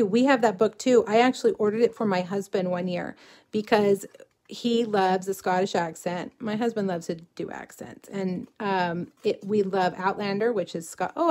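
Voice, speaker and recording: Chatty woman demonstrating a craft. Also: mid-range voice. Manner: chatty, rambling asides while working. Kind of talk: live craft tutorial stream.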